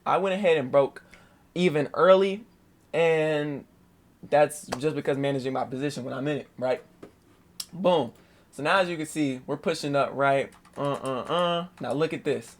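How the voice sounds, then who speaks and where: A young man casually recapping his day trade on a screen share, slangy and animated, swearing and saying "boom" a lot.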